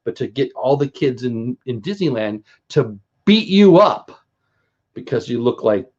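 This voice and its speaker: Casting: man in his fifties, casual vlogger, self-mocking humor, mid-pitched voice, slightly dull recording. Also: sing-song, measured pace, darkish tone, husky. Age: 50s. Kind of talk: casual chat.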